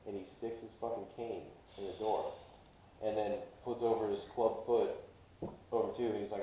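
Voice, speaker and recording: A man's voice: lowish voice, normal speed. A man telling a long story on a casual podcast, swearing a lot and acting out the people in it. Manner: profane, animated storyteller doing voices. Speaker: podcast co-host. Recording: echoey room, off-mic.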